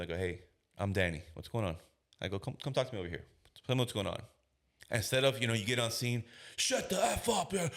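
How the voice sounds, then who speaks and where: A man in his thirties, a police officer, telling a story on a podcast in casual slang and acting out the voices of the people in it. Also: deep voice. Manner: animated storyteller who acts out quoted voices.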